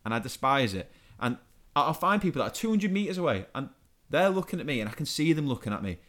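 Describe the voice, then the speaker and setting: Young man, podcast co-host, rapid ranting talk, repeats words, middle pitch. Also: big pitch swings, fairly bright tone. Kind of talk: casual comedic rant.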